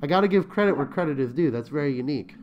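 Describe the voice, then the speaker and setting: A man's voice: fairly high pitch, lively intonation, very fast, highs cut off, slight background noise. A man hosting a casual online interview, joking around and breaking into sung lines. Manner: playful, joking, bursts into sung lines and laughter. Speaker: host. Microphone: remote call.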